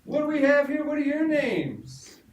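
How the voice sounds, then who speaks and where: A man voicing a gushing, overly sweet preacher in a high, sing-song voice as part of a joke. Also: very animated, moderate pace. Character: gushing, syrupy middle-aged man preacher. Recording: echoey room from far off, noisy.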